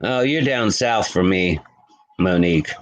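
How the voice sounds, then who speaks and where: A man hosts a late-night live stream from home, his voice sitting a little low. He chats loosely with frequent restarts, warmly calling out viewers in the chat by name. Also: animated, unhurried, poor audio. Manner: chatty, greets viewers by name, rambling with restarts. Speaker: livestream host. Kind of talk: casual live-stream chat reading comments.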